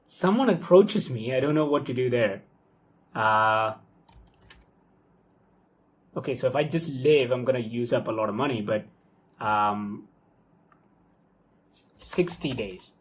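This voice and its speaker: A young man talks through his work live at his desk. His voice sits at a middle pitch, loose and excitable. He thinks aloud, filling gaps with okays and ums. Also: takes it slowly, long pauses. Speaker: software developer talking through his workflow. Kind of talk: casual live screen-recorded walkthrough.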